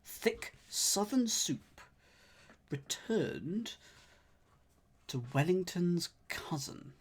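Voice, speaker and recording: Male puzzle streamer, slight lisp, slow and musing, sighs and half-finished sentences. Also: high-pitched, big pitch swings, slightly rough. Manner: muttering, sighing, trailing off while puzzling. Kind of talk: thinking aloud while solving a crossword.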